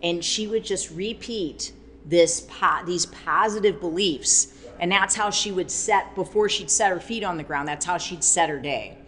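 A woman with a somewhat low voice talks through faith and wellness in a loose, chatty way. She rambles with plenty of fillers and jumps into animated quoted voices. She speaks as a fitness trainer. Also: unhurried, a little hiss or hum. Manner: animated, acts out quoted speech. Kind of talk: casual faith-based podcast talk.

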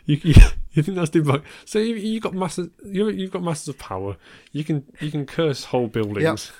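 A man's voice: fairly high pitch, lively intonation, normal speed, darkish tone, dry recording. Dry-humoured English man, stammering. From England. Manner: stammering restarts, dry humour, frequent laughs. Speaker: podcast co-host. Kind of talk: casual chat.

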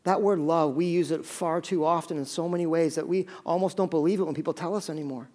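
Male pastor, fairly high voice, earnest conversational sermon delivery. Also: fairly even intonation, a little mellow. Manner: earnest, conversational preaching with dramatic pauses.

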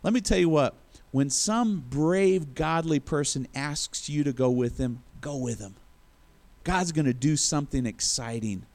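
A man's voice: a little high, measured pace, a little mellow. A male preacher giving a sermon in a conversational storytelling manner. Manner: conversational storytelling, acts out quotes.

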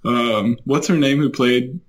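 A man's voice: mid-range voice, steady tone, a little slow. A man co-hosting a podcast in casual chat, rambling, with many "like"s and laughs. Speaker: podcast co-host.

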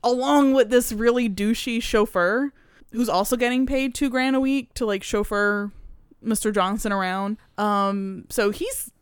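Chatty woman with a smooth voice. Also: a little high, steady tone, a little slow, no room sound, studio quality. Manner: chatty, laughs often, says "like" a lot. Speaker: podcast co-host. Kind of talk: casual chat.

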